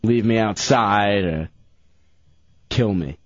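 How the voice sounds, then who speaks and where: A man's voice: lowish voice, takes it slowly, no echo, muffled recording. A young man, a regular on a radio talk show, telling a rambling story and slipping into voices. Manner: rambling, animated, doing voices. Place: radio studio.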